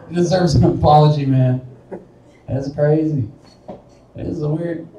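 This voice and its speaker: A man's voice: a little high, moderate pace, pauses often, a little mellow, slight background noise. A young man from Wichita doing a rambling, self-deprecating stand-up set in a bar, often laughing at his own jokes. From Wichita, Kansas. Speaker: stand-up comedian. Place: small bar, live stage. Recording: echoey bar room, voice from a distance.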